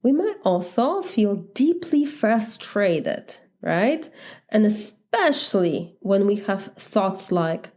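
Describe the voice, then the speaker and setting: A woman's voice: medium pitch, very animated, slow, a little mellow. A woman with a Polish accent, a life coach speaking in a candid, reflective podcast monologue, laughing lightly now and then. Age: adult, married.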